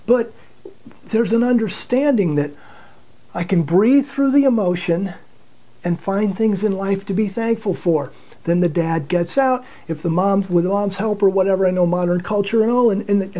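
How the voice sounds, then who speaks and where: A man delivers a Bible teaching as a relaxed, conversational sermon. His tone is warm and mellow. He tells everyday stories, chuckles often, and doubles words as he restarts his thoughts. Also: high-pitched. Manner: conversational storytelling with frequent chuckles; repeats words when restarting phrases.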